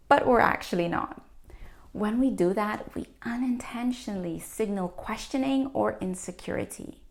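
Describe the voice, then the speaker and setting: A woman public speaking coach giving scripted tips, with clear, deliberate delivery and firm downward endings to her sentences. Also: mid-range voice.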